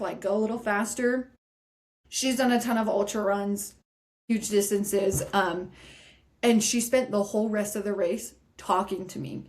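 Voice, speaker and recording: A woman guest on a podcast, telling a story in a lively way and acting out the voices of people she quotes. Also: medium pitch. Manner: animated, acts out quoted voices. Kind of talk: casual storytelling interview.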